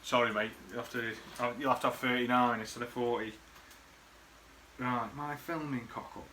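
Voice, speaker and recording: A man's voice: mid-range voice, steady tone, normal speed, pushed and bright, slight background noise. A man recording a rambling, sweary birthday message full of memories for an old friend. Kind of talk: casual rambling reminiscence.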